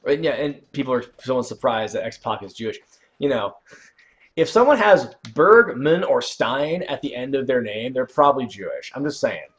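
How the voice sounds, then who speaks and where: A man's voice: mid-range voice, lively intonation, moderate pace. Rambling man on a dull lo-fi stream. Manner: rambling and self-correcting, with sudden loud outbursts reacting to the game. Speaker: channel host. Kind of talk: casual livestream chat while playing a video game.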